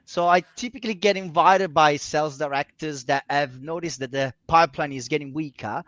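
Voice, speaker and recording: A man's voice: a little high, a little fast, a bit bright, no echo. A man with an Italian accent, a cold calling trainer, chatting casually and making sales calls over a video call, often laughing at himself and restarting his sentences. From Italy. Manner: laughs often, self-mocking, hesitant restarts. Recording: dull lo-fi dry call audio.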